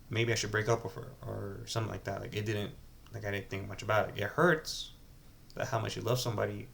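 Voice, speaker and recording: A man's voice: fairly low pitch, gravelly, fairly bright tone, slight background noise. A man talking casually to camera at home in a rambling, hesitant confessional, restarting sentences often. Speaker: vlogger.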